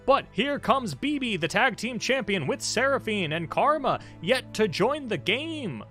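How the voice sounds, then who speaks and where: A man's voice: big pitch swings, bright, forceful tone, soft background music, heavily acted. A man putting on a hyped-up wrestling ring announcer voice, drawing out his introductions. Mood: hyping. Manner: booming, drawn-out introductions. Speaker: caster.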